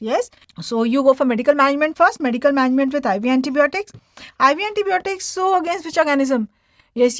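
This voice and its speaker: High-voiced woman lecturing on anatomy. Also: dry recording, clean studio sound. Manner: asks questions and answers them herself, repeats key terms. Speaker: medical lecturer.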